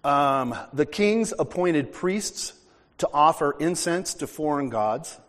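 A man's voice: fairly high pitch, expressive, slow, a bit bright. A man from the United States preaching a sermon, reading scripture aloud and then explaining it in a conversational way. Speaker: pastor. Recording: long hall reverb.

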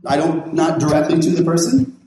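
A man's voice: on the high side, fairly quick, dark tone, slight background noise. Folksy pastor man in an echoey room. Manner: rambling, folksy, with many restarts and quoted dialogue. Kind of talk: casual storytelling.

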